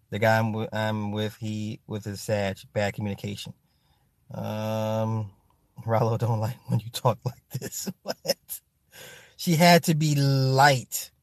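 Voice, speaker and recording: A man's voice: mid-range voice, dry recording, studio quality. A man hosting a casual livestream, reading viewer comments aloud, swearing freely and laughing often. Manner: profane, animated, laughs often, talks straight to the chat. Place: home streaming setup with ring light.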